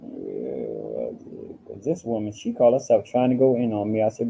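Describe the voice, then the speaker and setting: A man's voice: on the low side, huge pitch swings, normal speed, creaky, highs cut off. A man hosting a casual livestream from home, talking in a sassy, profane way and calling his listeners honey and girl. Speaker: livestream host.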